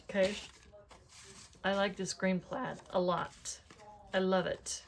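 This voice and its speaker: A woman's voice: mid-range voice, slight background noise. A middle-aged woman chatting casually while making cards, talking to herself and asking her viewers questions as she works. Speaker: card-making crafter. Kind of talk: casual crafting tutorial chat.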